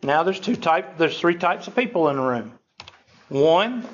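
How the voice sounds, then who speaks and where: A man's voice: a little high, expressive, unhurried. A man teaching a statistics class, chatty and self-deprecating, often checking in with "okay?". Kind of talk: classroom lecture. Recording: dull lo-fi lecture recording.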